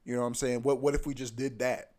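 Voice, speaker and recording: A man's voice: mid-range voice, little pitch movement, fast, a little mellow. A young man hosting a podcast in a casual, profane, ranting monologue that keeps coming back to "bro.". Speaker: podcast host.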